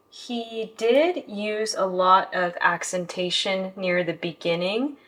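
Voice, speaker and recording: Woman piano teacher breaking down a performance, mid pitch, soft piano music in the back. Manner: analytical, hums and scats musical phrases. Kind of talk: explaining music listening.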